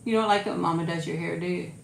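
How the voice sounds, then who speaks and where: A woman with a fairly low voice chats at home in a rambling, casual way, now and then slipping into a sing-song voice to coax her dog. The room is echoey, with a faint hum of ambient noise behind her. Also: steady tone, rapid-fire, gravelly. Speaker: YouTube channel host. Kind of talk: casual livestream chat.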